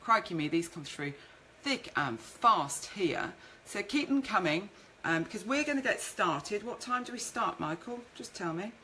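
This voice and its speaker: Chatty woman with a bright voice. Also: mid-range voice, lively intonation, normal speed, hardly any pauses, slight background noise, low-quality recording. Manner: chatty, reads out viewer comments aloud. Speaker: networking show host and speaker. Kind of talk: live-streamed casual business talk.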